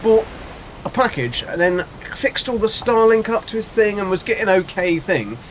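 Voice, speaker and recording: A man's voice: high-pitched, very animated, moderate pace, slight background noise. A man chatting casually while livestreaming a game, rambling and answering his chat as he plays. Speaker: game streamer. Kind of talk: casual live gameplay chat.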